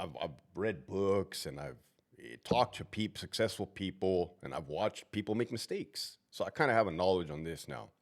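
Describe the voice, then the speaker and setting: Man, middle-aged, former corrections officer, casual profane commentary, lowish voice, lively pitch. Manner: profane, animated storytelling with asides.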